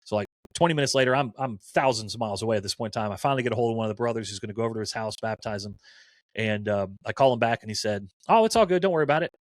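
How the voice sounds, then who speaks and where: A campus minister in his forties, with a fairly low-pitched voice, races through stories in casual conversation, animatedly acting out the quoted dialogue. The recording is clean studio sound with no echo.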